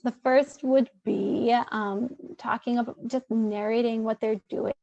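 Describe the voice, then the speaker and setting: A woman's voice: on the high side, fairly even intonation, measured pace, creaky, dark tone, no room sound, lo-fi sound. A woman therapist presenting a webinar in a loose, conversational way, with many fillers and restarts.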